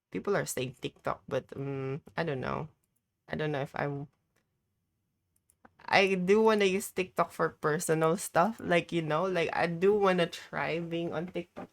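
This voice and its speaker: A woman streamer chatting casually on a live stream, rambling and exclaiming as she talks. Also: fairly low pitch.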